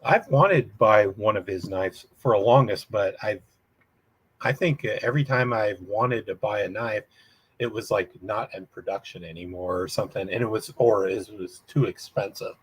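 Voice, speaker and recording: A man hosting a casual livestream chat, talking in halting bursts with many restarts. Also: fairly low pitch, husky, no room sound. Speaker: livestream host.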